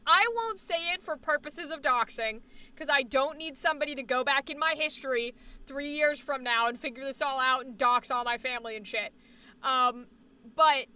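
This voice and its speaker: A woman's voice: sits high, pushed and bright. An American woman live streaming, chatting casually and rambling, with plenty of swearing. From United States. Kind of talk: casual chat.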